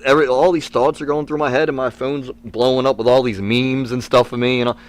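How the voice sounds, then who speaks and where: A man speaks as a guest on a podcast, recounting a story in a lively, rambling way. His voice sits at an ordinary middle pitch, and he fills his sentences with small fillers and quick restarts. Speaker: wrestler guest.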